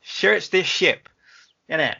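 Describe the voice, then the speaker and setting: A man putting on a cheerful country yokel with a thick West Country burr. The voice is bright with a gravelly edge and swings widely up and down. It sounds muffled and lo-fi. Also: on the high side, expressive, takes it slowly, voice pushed up, exaggerated voice. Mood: jolly. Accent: West Country (put on). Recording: dull lo-fi podcast sound.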